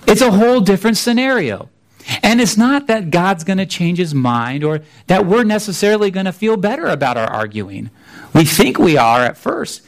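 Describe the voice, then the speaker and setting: A man preaching a sermon in a conversational way, often restarting his sentences. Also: high-pitched. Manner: conversational, restarts often, acts out voices of biblical figures. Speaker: pastor.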